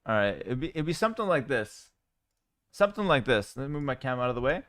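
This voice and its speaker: A man streaming live, chatting casually with viewers in a relaxed, rambling way, with fillers. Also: mid-range voice, fast talker, no echo, clean studio sound. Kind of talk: casual livestream chat.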